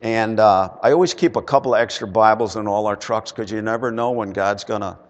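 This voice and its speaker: A man preaching a sermon and telling a personal story, swinging from loud emphatic bursts to quiet, low asides. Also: brisk. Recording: long hall reverb.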